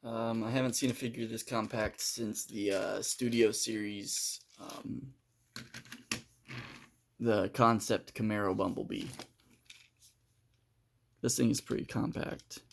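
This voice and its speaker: A man's voice: fairly low pitch, steady tone, slow pace, vocal fry, pauses often, a little hiss or hum. A man giving a casual, unscripted toy review, hesitant and full of fillers as he handles the figure.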